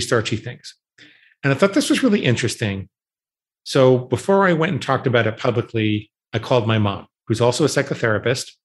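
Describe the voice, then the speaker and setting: Earnest fifties man, interview guest, mid-pitched, repeats himself for emphasis. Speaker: guest, researcher on eating habits. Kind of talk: storytelling interview answers.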